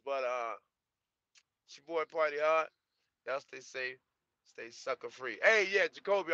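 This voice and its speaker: A man's voice: medium pitch, animated, unhurried, pauses often, pushed and bright, dry recording, highs cut off. A young man streaming live as a trucker vlogger, chatting casually in a laid-back, slangy way and repeating himself. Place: truck cab.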